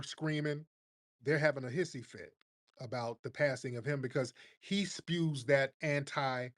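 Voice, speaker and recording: Mocking man hosting a heated debate. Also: medium pitch. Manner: mocking, combative, addresses listeners as family. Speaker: host. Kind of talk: heated live audio-room debate. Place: online audio room. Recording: remote live-stream audio.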